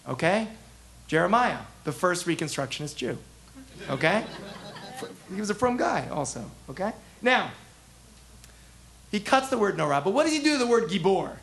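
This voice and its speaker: A man teaching a text class as a rabbi, animated, asking the class questions and acting out the prophets' voices. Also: high voice, moderate pace, creaky, pauses often. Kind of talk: interactive text lesson.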